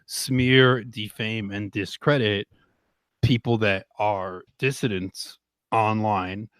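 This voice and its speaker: A man ranting about politics on a livestream, getting heated and loud in bursts. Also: fairly low pitch, steady tone, takes it slowly, smooth, no echo. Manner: ranting, rising to loud outbursts. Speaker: podcast guest.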